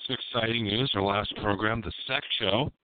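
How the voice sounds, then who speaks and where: A man hosts a live call-in radio show, rambling in a crude, provocative way. His voice sits a little low. The sound is dry and tinny, like it comes over a phone line. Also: normal speed, no echo.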